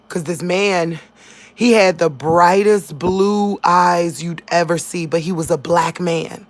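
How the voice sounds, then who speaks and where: A woman's voice: fairly low pitch, takes it slowly. A woman, telling her viewers about a dream in a casual, emotional way. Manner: emotional, talks straight to viewers, animated. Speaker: vlogger sharing dreams.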